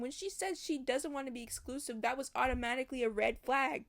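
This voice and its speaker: Brief: woman with a slightly high voice, reading aloud with blunt, cussing commentary. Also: brisk, creaky, a bit bright. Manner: blunt, profane, exasperated commentary. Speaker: audiobook reader and commentator.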